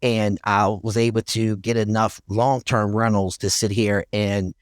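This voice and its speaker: A man's voice: lowish voice, little pitch movement, unhurried, dry recording, studio quality. Laid-back philly guy telling stories. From North Philadelphia, USA. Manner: laid-back storytelling, laughs often, blunt and profane. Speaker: guest, real estate investor. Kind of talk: casual podcast interview.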